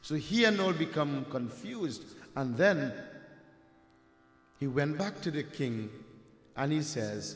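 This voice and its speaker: A man's voice: a little high, expressive, takes it slowly, long pauses. A man from Trinidad with a Trinidadian accent, telling a devotional story as a sermon in a rhetorical manner. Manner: rhetorical, addresses "my dear friends", asks "huh?". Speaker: Hindu preacher telling a katha. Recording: echoey hall with long reverb.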